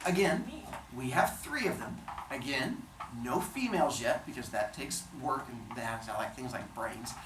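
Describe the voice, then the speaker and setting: A woman teacher telling myths to a class in animated, jokey comic storytelling with chatty asides. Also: a bass voice, normal speed, reverberant, slight background noise, rough recording.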